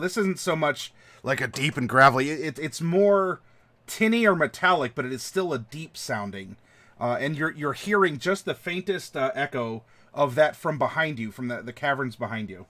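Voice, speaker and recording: Animated, laughing man running a tabletop game. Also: fairly high pitch. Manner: animated, laughing, halting restarts. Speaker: game master.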